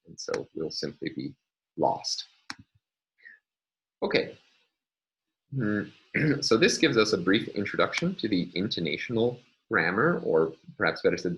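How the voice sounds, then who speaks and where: A man lecturing, explaining step by step in a measured way with frequent fillers. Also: deep voice, a bit bright, poor audio. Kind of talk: recorded university lecture.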